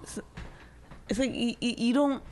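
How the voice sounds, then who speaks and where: A woman co-hosting a casual talk show with her husband, teasing and exasperated, at times quiet and mumbling. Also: a little high, fairly even intonation, unhurried, slight background noise. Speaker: podcast co-host. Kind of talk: casual married-couple banter.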